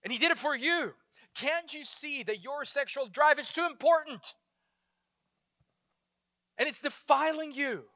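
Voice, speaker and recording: Impassioned high-voiced male preacher. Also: no room sound, clean studio sound. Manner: impassioned, swings from loud exclamations to hushed intensity. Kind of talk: sermon.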